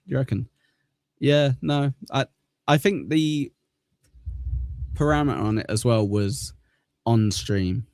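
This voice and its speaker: This stream host is a southern Englishman with a Manchester accent who cracks jokes, swears a lot and laughs at himself over his bad luck on a casual live stream. He speaks slowly with frequent pauses, in a mid-range, darkish voice and no room sound.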